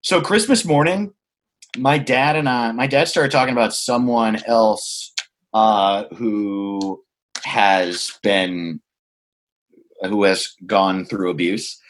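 A man telling a personal story in a frank, reflective way, swearing freely and pausing to find his words. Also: fairly low pitch. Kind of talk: candid conversational storytelling.

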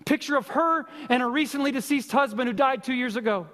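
A man preaching a sermon as pastor, with impassioned, repetitive exhortation and slow emphatic stresses. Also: extremely high pitch, a bit bright, long reverb tail.

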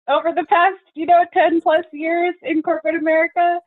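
A woman co-hosting a podcast, wry and quick to laugh, adding dry asides about work. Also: very high-pitched, level tone. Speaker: podcast co-host. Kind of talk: casual chat on a phone-quality line. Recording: thin phone-like audio.

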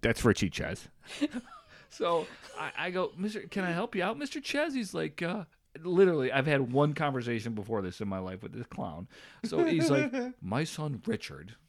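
A man's voice: a little high, normal speed. A young man co-hosting a podcast, telling a story with lots of laughter and swearing. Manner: animated, laughs a lot, swears freely. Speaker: podcast co-host. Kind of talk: casual storytelling chat.

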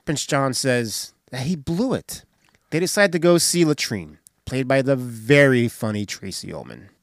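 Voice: medium pitch, a little slow, dry recording, studio quality. A podcast host casually recapping a comedy film scene by scene. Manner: animated, recounts scenes and does voices.

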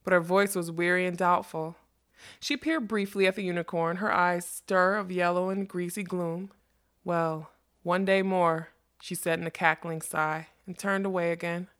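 A woman narrating a storybook in a measured, expressive reading voice. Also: lowish voice.

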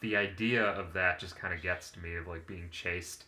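A man's voice: sits low, fairly even intonation, moderate pace, pushed and bright. A young man co-hosting a podcast, thinking aloud hesitantly in casual chat. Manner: hesitant, restarts and fillers while thinking aloud. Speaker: podcast co-host.

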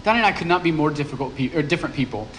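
A man's voice: fairly high pitch, animated, very fast, a bit bright, slight background noise. A man, a pastor, preaching a sermon in a conversational, joking way, checking in with the congregation. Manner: conversational, playful asides to the congregation.

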